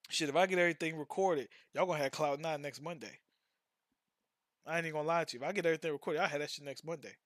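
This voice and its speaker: A man's voice: on the high side, rapid-fire, a bit bright, dry recording, studio quality. A man who streams and makes music, chatting loosely with his viewers in slang, swearing freely and repeating himself. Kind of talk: casual live-stream chat.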